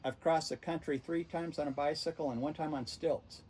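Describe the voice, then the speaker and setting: A man voices an eager, proud old man introducing himself, pitching his natural voice above its usual level into a fairly high register. The delivery is fairly even in intonation, normal in speed and a little mellow, with slight background noise.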